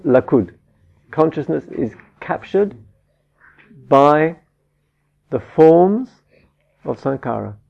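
A slow-spoken man with a gravelly, slightly high voice gives a Buddhist dharma talk. He halts, restarts and searches for words as he teaches. The recording sounds dull and lo-fi. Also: animated, a little mellow. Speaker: meditation teacher.

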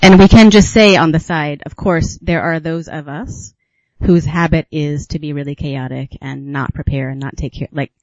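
A man from the United States, teaches at a retreat in a reflective, unhurried way, pausing to muse and laughing softly. His voice sits a bit high for a man. It is recorded close and dry, with a slightly dull, lo-fi quality. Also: fairly even intonation, no echo. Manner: unhurried and musing, with gentle laughs and pauses. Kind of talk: reflective dharma talk.

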